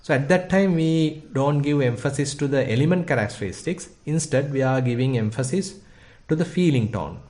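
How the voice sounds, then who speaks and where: A Buddhist monk from Sri Lanka with a Sri Lankan accent, giving meditation instruction in a measured, thoughtful way with frequent pauses and fillers. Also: male voice, mid-range voice, lively intonation, darkish tone. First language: Sinhala.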